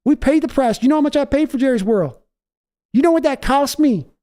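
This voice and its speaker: Impression: a cocky old football team owner, done by a man, folksy and wheedling, pitched high, with a mellow tone. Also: animated, fairly quick. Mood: boastful. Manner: folksy, wheedling, repeats himself. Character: brash boastful older male football team owner.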